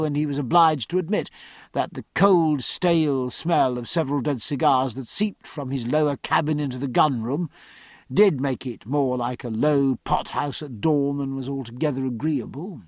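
A man narrating a historical sea novel in a measured, literary reading. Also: medium pitch, dry recording, clean studio sound. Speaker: audiobook narrator. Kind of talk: scripted narration.

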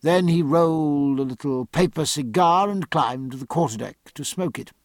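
Gravelly male audiobook narrator. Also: on the high side, normal speed, no echo, clean studio sound. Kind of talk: scripted narration.

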